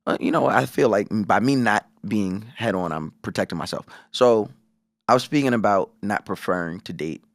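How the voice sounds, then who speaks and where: Here a man with a fairly low-pitched voice talks at a normal pace, with no room sound around him. As a podcast co-host in casual conversation, he tells a profane, lively story and mimics the voices of the people involved.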